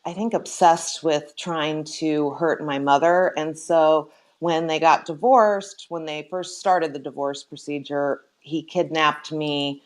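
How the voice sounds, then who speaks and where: Slow, low-voiced hesitant woman. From Minnesota. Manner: soft-spoken, hesitant with many ums. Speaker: guest, medical esthetician. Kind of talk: personal storytelling interview.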